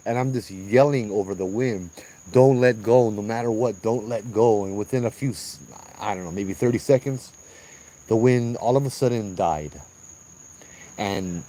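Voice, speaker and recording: A man with a low, mellow voice leads a ghost tour along a trail at night. He tells the stories animatedly, acting out what people said and often restarting his sentences. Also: poor audio. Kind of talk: storytelling on a walking ghost tour.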